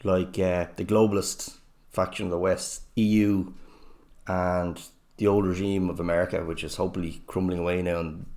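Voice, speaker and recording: A man's voice: sits low, flat delivery, normal speed, mellow. A man talking to camera in a blunt, rambling casual monologue. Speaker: vlogger.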